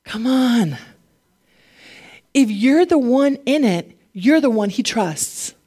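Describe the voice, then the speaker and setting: Chatty woman preacher, fairly high voice. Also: a little slow. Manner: animated, chatty, voice climbs when fired up. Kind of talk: casual conversational sermon.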